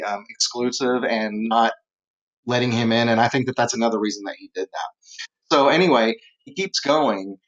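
A man's voice: medium pitch, a bit bright, low-quality recording. A man teaching a literature lesson in a casual, rambling way, with lots of fillers as he retells a story. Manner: rambling, conversational, many fillers.

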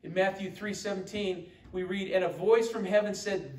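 A man's voice: high voice, moderate pace, few pauses. A man preaching a sermon as pastor, emphatic and quoting scripture. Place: church sanctuary. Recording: echoey church room from far off.

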